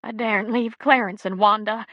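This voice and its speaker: A woman's voice: mid-range voice, fairly even intonation, normal speed, dry recording, muffled recording, voice pushed up, close to an everyday voice. A woman voicing a tearful backwoods mother. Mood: tearful pleading. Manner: plain rural speech, pleading.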